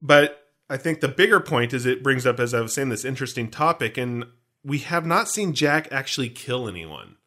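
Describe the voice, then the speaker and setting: A man's voice: medium pitch, expressive, normal speed, bright, forceful tone. A man co-hosting a podcast, chatting casually and joking, rambling from point to point and dropping pop-culture references. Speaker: podcast co-host. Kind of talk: casual chat.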